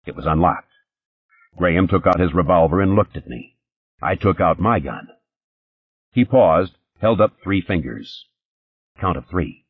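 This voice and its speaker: A man narrating a crime story in the first person, in a matter-of-fact, hard-boiled manner with a husky voice, in a dull, muffled recording. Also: low-pitched, lively intonation, measured pace, pauses often, no echo. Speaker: audiobook narrator.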